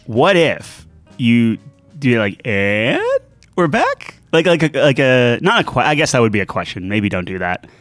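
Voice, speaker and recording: A man's voice: mid-range voice, expressive, moderate pace, fairly bright tone, no echo, faint music behind. Rambling male podcast co-host. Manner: rambling, hesitant, tangential. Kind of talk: casual chat. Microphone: studio dynamic microphone.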